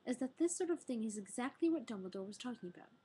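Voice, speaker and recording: A woman's voice: fairly high pitch, animated, fast talker, warm tone, husky, pitched above the performer's own voice, low-quality recording. A woman voicing a bossy, earnest teenage schoolgirl in a prim, lecturing manner, read from a storybook.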